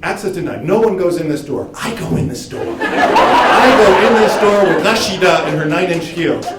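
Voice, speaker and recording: Heavy background noise surrounds this high-pitched man, who speaks at a moderate pace on stage in a roomy live venue, with crowd laughter and a distant mic. He's a college professor telling an animated story, performing everyone's dialogue and slipping into fluent French.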